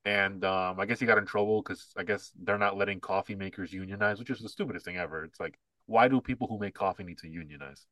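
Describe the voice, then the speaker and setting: A man co-hosting a casual podcast, giving opinions and mocking an ad, now and then quoting lines in a high put-on voice. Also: fast, few pauses, a bit bright, no echo. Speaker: podcast co-host.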